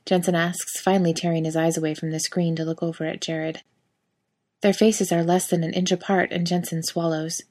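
A woman narrating a fiction audiobook in an even, steady storytelling manner. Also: lowish voice, fairly quick.

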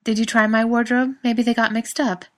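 A woman voicing a dry-witted adult wife and mother who speaks in a teasing, wry way, a little higher and louder than her narration. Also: level tone, moderate pace, natural voice. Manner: teasing, wry, raised brighter delivery.

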